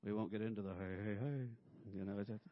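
A man's voice: lowish voice, level tone, rapid-fire. A man preaching a sermon in a conversational way, with humorous asides and acted-out quotes. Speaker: pastor. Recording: dull lo-fi recording.

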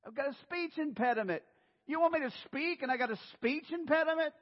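Preacher putting on a stuttering panicky old Moses, high and squeaky, loud and frantic, echoing hall. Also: male voice, brisk. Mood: panicked. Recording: dull sound in a reverberant hall.

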